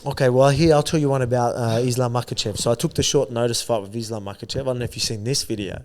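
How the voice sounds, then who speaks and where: A man's voice: medium pitch, steady tone, fast talker, darkish tone. An Australian man talking as an interview guest in a casual, rambling way, filling gaps with "you know what I mean". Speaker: guest athlete.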